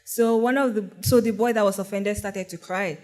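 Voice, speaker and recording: A man's voice: high voice, fairly even intonation, normal speed, a little mellow. A man on a discussion panel, a teacher, speaking earnestly and a little hesitantly, with fillers.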